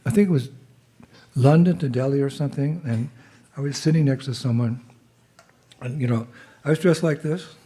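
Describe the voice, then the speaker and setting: A monk with a cold giving a humorous, conversational temple talk as guest speaker. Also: male voice, medium pitch, moderate pace, pauses often, warm tone, husky. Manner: humorous storyteller, loose and conversational. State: has a cold. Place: temple hall.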